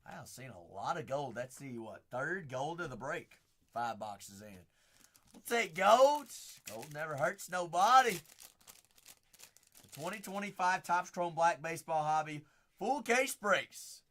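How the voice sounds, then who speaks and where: A man hosting a live card break, calling out players and teams as he opens packs, chatting with viewers by name and shouting on big pulls. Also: a little high, very animated, measured pace. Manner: chats with viewers by name between cards.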